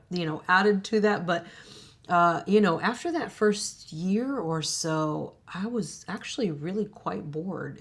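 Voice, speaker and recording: A woman co-hosting a travel vlog, chatting casually to the camera and laughing often between her phrases. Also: fairly low pitch. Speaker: co-host of a retirement travel channel.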